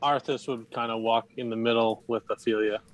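Easygoing male player, mid-pitched, casual table talk. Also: steady tone, a little fast. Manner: easygoing, narrates his character in third person. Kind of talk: casual chat.

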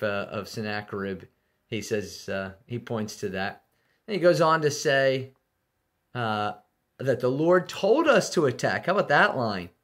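A man's voice: on the low side, a bit bright. Conversational man giving Bible commentary. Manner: conversational, many fillers and restarts. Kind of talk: casual devotional Bible commentary.

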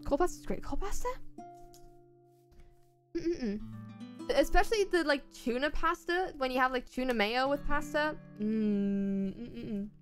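A woman's voice: high voice, a little slow, long pauses, faint music behind. A young Irish woman chatting casually while streaming a game, rambling along with playful asides. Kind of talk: casual chat while gaming.

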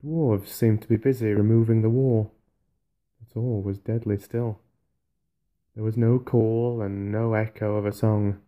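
A man reading an audiobook softly for sleep, in a calm, even way. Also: on the low side, measured pace, phone-quality sound. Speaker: audiobook narrator.

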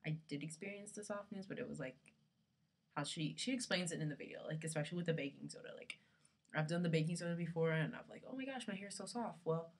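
A young woman chats to her camera in a rambling, casual way, full of "like" and "um". Her voice sits a little low and comes out breathy. She records in a dorm room with the camera propped on her lap. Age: young adult. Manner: chatty, rambling, lots of fillers. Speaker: vlogger. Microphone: camera resting on her lap.

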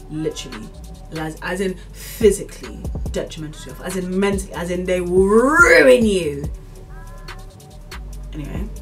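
A young woman vlogger with a low voice, recorded from a distance, rants casually to camera. She rambles and repeats herself, using lots of fillers like "like" and "as in," while offering earnest, preachy encouragement.

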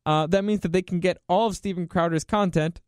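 A fired-up man hosts his own commentary show and rants hard, swearing often and pressing his points with emphasis. His voice sits high for a man. The recording is dry, with no room sound. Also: steady tone, a little fast, no room sound. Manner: ranting, profane, emphatic. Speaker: podcast host. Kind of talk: opinionated solo commentary.

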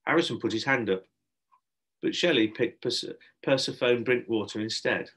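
Bright-voiced teacher reading a story. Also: male voice, medium pitch, normal speed, husky. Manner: expressive storytelling narration. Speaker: primary school teacher. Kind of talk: reading a children's book aloud.

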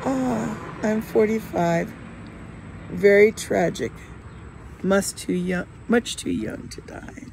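Woman reading brooding middle-aged man, soft musing delivery, gravelly edge. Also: mid-range voice, slow, pauses often, a little hiss or hum. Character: brooding forty-five-year-old man drinking wine.

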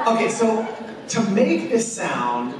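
A man's voice: sits high, slow pace, a crowd in the background. Joking man teaching in an echoey room. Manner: joking, animated, demonstrates sounds with his voice. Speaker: a cappella workshop instructor. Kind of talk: teaching a vocal workshop. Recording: distant mic in an echoey room with room noise.

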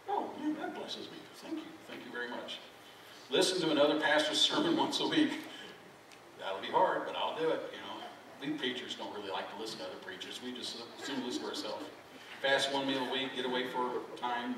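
A man's voice: mid-range voice, a bit bright. A middle-aged man, a pastor giving a folksy, self-deprecating sermon and joking with his congregation. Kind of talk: conversational sermon. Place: church sanctuary. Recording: very echoey hall, mic from far off, background noise.

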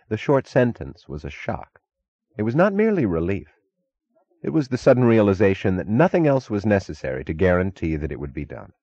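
A man narrating an audiobook in a measured, even reading. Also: deep voice, no room sound, dull audio. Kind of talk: scripted narration.

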